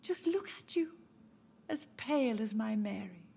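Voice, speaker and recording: A woman's voice: fairly high pitch, sing-song, unhurried, creaky, mellow, husky, heavily acted. An actress playing a frail, confused old mother who grieves for her dead children and speaks to them as if alive. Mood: gently deluded. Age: older. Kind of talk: game dialogue.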